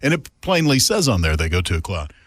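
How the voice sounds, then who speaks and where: A man's voice: deep voice, fast talker, dry recording. A man hosting a podcast in casual, joking chat with a friend, recorded in a radio station studio. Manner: chatty, animated, joking. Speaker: podcast host.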